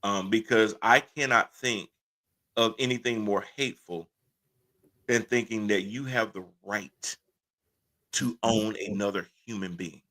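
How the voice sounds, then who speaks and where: A man's voice: lowish voice, measured pace, sharp tone. A man hosting a casual livestream talk show, blunt and impassioned, laughing often. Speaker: host.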